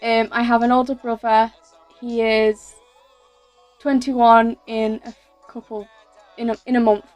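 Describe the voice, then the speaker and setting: A teenage girl talks her way through a casual Q&A vlog, her voice pitched a little high. She rambles, fills gaps with "um" and "like", and corrects herself mid-sentence. Faint music plays quietly behind her. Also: little pitch movement, unhurried, pauses often, dry recording. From England. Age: teens. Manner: chatty and rambling, many fillers and self-corrections. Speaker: YouTuber.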